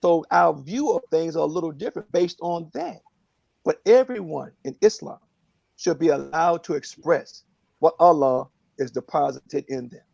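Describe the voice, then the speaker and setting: A man speaking earnestly and reflectively on a phone prayer line, in a halting way with many fillers. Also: fairly high pitch, vocal fry, darkish tone, no echo, lo-fi sound.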